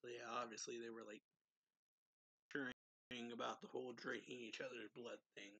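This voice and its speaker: A man's voice: mid-range voice, little pitch movement, normal speed, sharp tone, slightly rough, no echo, poor audio. A young man and regular show host giving a casual, rambling manga chapter recap, filling his sentences with "like.". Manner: rambling, heavy use of "like". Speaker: manga reviewer.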